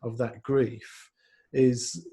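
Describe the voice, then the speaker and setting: A man's voice: mid-range voice, little pitch movement, extremely slow, dark tone, breathy edge. A man, a pastor hosting a casual discussion, who hesitates and searches for his words. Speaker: pastor and host.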